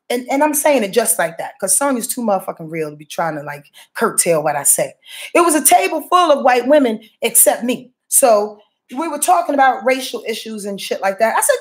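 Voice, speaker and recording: A woman astrologer giving her weekly forecast in a blunt, profane, preachy way, calling out to her listeners. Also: sits high. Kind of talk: casual spoken astrology forecast.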